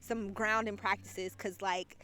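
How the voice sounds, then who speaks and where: Bright-voiced woman telling a profane story. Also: mid-range voice, a little slow, clean tone. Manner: animated, profane, laughs often. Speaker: podcast host. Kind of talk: casual storytelling monologue.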